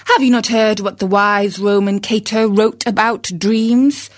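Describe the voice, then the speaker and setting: Woman doing a bossy hen wife, practical, dismissive, soothing, unhurried. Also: mid-range voice, fairly even intonation, natural voice.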